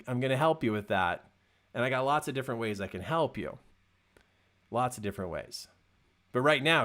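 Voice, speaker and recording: A man speaking as a coach in a motivational talk, telling stories with emphatic repetition. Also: medium pitch. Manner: animated storytelling, emphatic repetition.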